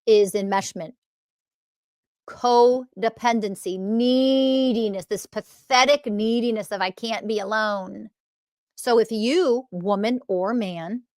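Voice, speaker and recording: A woman teaches alone on her podcast in an emphatic, animated voice that sits at a middle pitch. She leans hard on key words and sometimes swears for force. The recording is dry and close, with no room sound. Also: no room sound. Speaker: podcast host and spiritual teacher. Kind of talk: solo podcast monologue.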